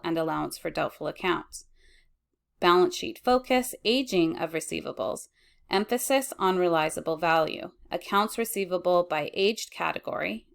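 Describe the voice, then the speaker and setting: A woman teaching accounting, reading lecture slides in a measured way and correcting herself as she goes. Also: on the low side, fairly bright tone. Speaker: accounting instructor.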